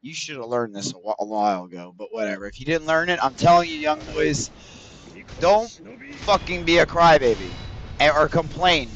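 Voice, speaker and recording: A man's voice: on the high side, animated, normal speed, fairly bright tone, a little hiss or hum. A man streaming a video game, chatting casually with his viewers in a rambling, profane way. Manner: rambling, profane, talks straight to chat. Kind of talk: casual livestream chat with viewers.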